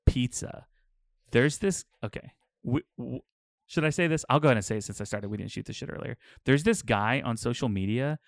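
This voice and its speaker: A man's voice: medium pitch, brisk, vocal fry, no room sound, studio quality. A man co-hosting a podcast, rambling through stories in casual chat. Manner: rambling, animated storyteller. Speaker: podcast co-host.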